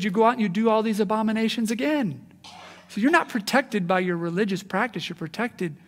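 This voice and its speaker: A man preaching a sermon in an animated way, acting out the voices he quotes. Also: high voice, long reverb tail. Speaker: pastor.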